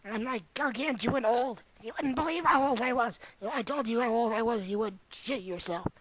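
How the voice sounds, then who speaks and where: A young man voicing a boastful, rambling ancient old man who tells a crude, excitable tall tale in an amateur comedy bit. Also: extremely high pitch, normal speed, low-quality recording.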